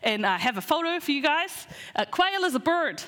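A woman giving a casual Bible talk to her church, chatty and animated, with lots of fillers and restarts. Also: high voice, normal speed, long reverb tail. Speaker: preacher teaching a Bible lesson.

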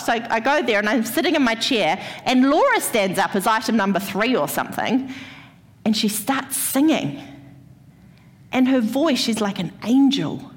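A woman preaches in a church hall, her fairly high voice trailing off into a long reverb. She tells her own stories and puts questions straight to the people in front of her, as if chatting with them. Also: expressive, normal speed. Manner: personal storytelling, addresses the congregation directly. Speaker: church speaker. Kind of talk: sermon.

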